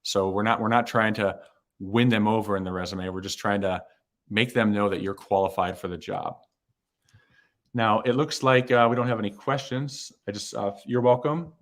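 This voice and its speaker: A man's voice: on the low side, fairly even intonation, normal speed, fairly bright tone. A man who is a hiring manager giving live-streamed career advice in a casual way, with lots of fillers and repeated words.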